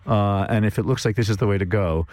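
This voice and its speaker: A male panelist talks quickly in a fairly low voice. He sounds wry and stumbles over his words a little. The studio sound is dry and close. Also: darkish tone, no room sound. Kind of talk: casual panel chat.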